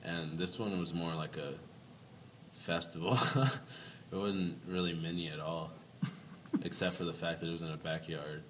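A man's voice: low-pitched, fairly even intonation, moderate pace. A young man from a band, chatting casually in an interview, laid-back and laughing often. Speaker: band member guest. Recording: distant mic with noise.

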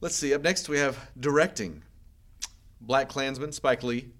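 A man's voice: medium pitch, a bit bright. A man co-hosting a casual chat about films, jokey and chatty. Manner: quick, chatty, jokey, laughs often. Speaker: podcast co-host.

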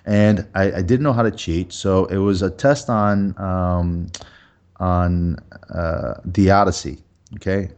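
A man, a guest entrepreneur, telling personal stories in a lively, conversational way with many restarts. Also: low voice, slow pace. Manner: animated storyteller with frequent restarts. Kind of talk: conversational storytelling.

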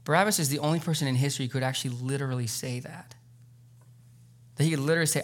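A male pastor preaching a sermon to his church in a conversational, earnest way, with sudden loud emotional peaks. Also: mid-range voice, very fast. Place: church sanctuary.

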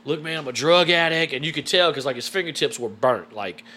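Animated, profane male storyteller. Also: on the high side, a little fast. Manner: animated, profane, swears freely. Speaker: guest. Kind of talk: casual storytelling.

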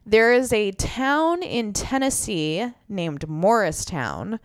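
Woman co-host, casual news chat, smooth clear voice, dry close sound. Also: mid-range voice, expressive, slow, dry recording. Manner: chatty, laughs often, reads news items. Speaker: podcast co-host.

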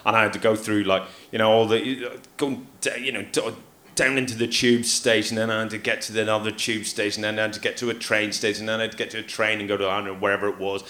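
This comedian guest speaks quickly in a lowish voice, telling funny stories on a theatre stage to a live crowd. The recording echoes like a live theatre, and he stays animated throughout, doing voices and laughing a lot.

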